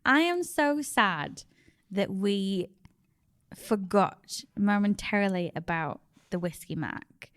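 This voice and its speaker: A woman's voice: mid-range voice, lively intonation, slow pace, a bit bright, dry recording. Laughing British woman co-host. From Britain. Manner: laughing storyteller. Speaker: podcast co-host. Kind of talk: casual chat.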